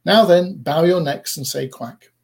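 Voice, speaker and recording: A man's voice: fairly high pitch, measured pace, creaky, a little mellow. A man voicing a fussy, proud mother duck who scolds, bosses and protects her brood in a storybook reading. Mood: bossy.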